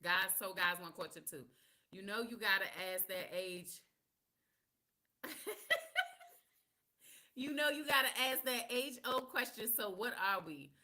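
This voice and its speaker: A woman's voice: medium pitch, measured pace, long pauses, pushed and bright. A woman hosting a live podcast, telling stories in a candid, sassy, slang-heavy way. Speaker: podcast host. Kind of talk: casual live podcast chat.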